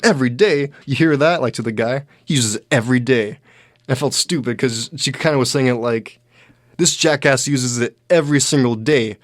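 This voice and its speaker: A man's voice: mid-range voice, no echo, studio quality. A young man hosting a live show, telling a casual, rambling story with frequent restarts and self-mocking asides. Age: young adult. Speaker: host.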